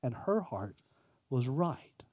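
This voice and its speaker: A man preaching a sermon as pastor, emphatic, swinging between raised passages and hushed ones. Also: mid-range voice, sing-song, slow, breathy edge, no room sound, lo-fi sound.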